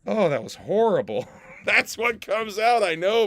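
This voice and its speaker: A man's voice: a little high, animated, measured pace, fairly bright tone, dry recording. A man hosting a casual livestream podcast, joking with his chat, laughing often and swearing freely. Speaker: podcast host and rapper.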